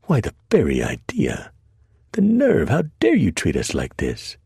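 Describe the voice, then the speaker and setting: A man voicing an indignant, prim woman missionary who snaps at rough strangers. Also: a bass voice, huge pitch swings, normal speed, dark tone, dry recording, clean studio sound, full character voice. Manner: snappish, scandalized.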